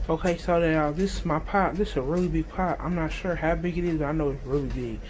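A woman's voice: low voice, fast talker, hardly any pauses, darkish tone, a little hiss or hum. A woman vlogger chatting casually to her viewers while cooking in her home kitchen. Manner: chatty, talks straight to viewers, playful. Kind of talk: casual cooking chat to camera.

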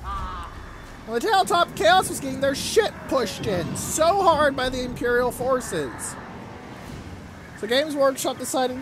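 A let's play gamer, giving animated, swear-heavy commentary while playing a strategy game. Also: sits high, unhurried, background noise. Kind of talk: casual gameplay commentary. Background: game music.

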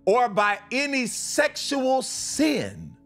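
Fervent high-voiced man preaching live. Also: wildly swooping pitch, extremely slow, a bit bright, faint music behind. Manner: fervent, repeats and restarts lines, switches to blunt asides. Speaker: preacher hosting a live stream. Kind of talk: live-stream sermon and Bible reading.

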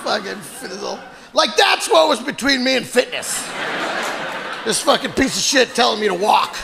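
A male stand-up comedian performing a loud, profane set on a club stage and shouting his punchlines into a handheld mic. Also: extremely high pitch, lively intonation, normal speed, vocal fry, in a large hall. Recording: live club with crowd laughter and noise.

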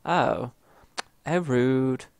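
British guy playing a game, slow talker, keeps yelping and moaning, dry close sound. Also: mid-range voice, clean tone, no room sound. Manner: excitable, yelps and grumbles at the game. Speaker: gamer. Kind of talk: let's play commentary.

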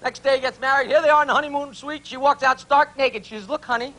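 A man's voice: extremely high pitch, fairly even intonation, quick pace, fairly bright tone. A man on a club stage firing off dirty jokes, chuckling at his own punchlines. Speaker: stand-up comedian. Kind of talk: rapid-fire dirty jokes.

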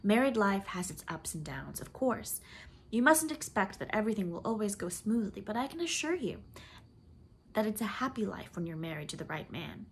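A woman voicing a calm young mother who speaks with gentle, knowing assurance. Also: medium pitch, normal speed, breathy edge. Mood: assured.

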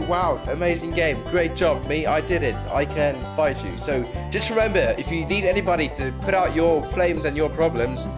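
A man giving casual, self-mocking commentary while playing a video game, swearing often and joking about his own play. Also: a little high. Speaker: gaming channel host.

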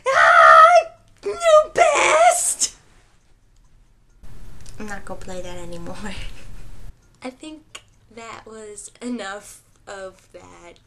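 A young woman giving casual, excitable gameplay commentary, laughing and repeating herself in panic. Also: mid-range voice, slow pace, slight background noise. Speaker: gaming vlogger.

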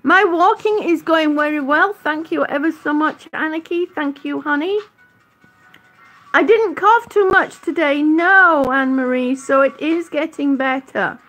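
A middle-aged woman with a high voice talks slowly to her viewers on a live stream, affectionate and chatty. She sounds a little out of breath, and her vowels stretch out. Faint music plays behind her. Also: fairly bright tone. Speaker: vlogger on oxygen.

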